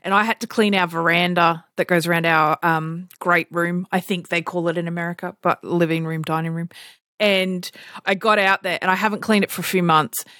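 An Australian woman co-hosting a podcast, chatting casually and telling animated stories, often laughing and acting out other people's voices. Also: on the low side, brisk, no echo, studio quality. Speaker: podcast co-host. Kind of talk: casual chat.

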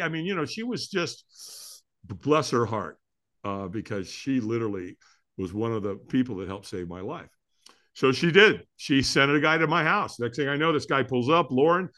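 A man's voice: mid-range voice, big pitch swings, moderate pace, a bit bright. A middle-aged man, a podcast guest, telling a personal story candidly and with energy, often restarting his sentences.

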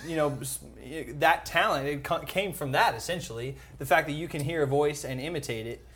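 A man's voice: fairly high pitch, brisk, a bit bright. A man hosting a casual interview, encouraging with short replies. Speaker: podcast host.

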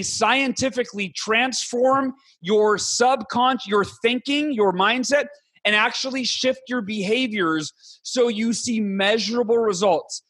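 Bright, high-voiced enthusiastic man. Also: husky, dry recording. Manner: enthusiastic, rapid, animated with mock voices. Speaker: podcast guest, author. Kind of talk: energetic interview talk.

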